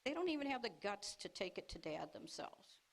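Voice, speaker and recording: A woman preaching to a congregation, retelling a scripture story in a lively way, acting out the characters' lines and laughing along. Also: mid-range voice, brisk, creaky, low-quality recording. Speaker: speaker at a congregation service. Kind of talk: teaching sermon.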